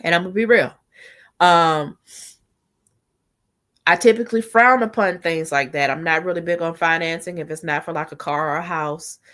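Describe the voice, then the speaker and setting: A woman's voice: on the low side, moderate pace, pauses often, fairly bright tone. A woman in her forties telling a personal story in a casual storytime vlog, chatty and heartfelt, often asking the viewer if they follow. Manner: chatty, heartfelt, leans on "you know what I'm saying". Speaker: vlogger.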